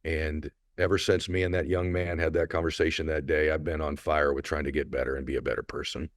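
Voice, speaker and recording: A man's voice: very deep voice, little pitch movement, brisk, dry recording, clean studio sound. A middle-aged man hosting a solo podcast, telling a personal story in a heartfelt, motivational way, audibly emotional. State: emotional, choked up. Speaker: podcast host.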